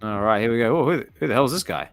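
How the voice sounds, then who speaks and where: A man reads a digital comic aloud at an easy pace, chatty and curious and thinking aloud as he goes. His voice sits at a middle pitch, recorded dry and close, with soft music playing behind him. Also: expressive, racing, no room sound. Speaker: comic reading channel host. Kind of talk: casual relaxed comic reading with commentary.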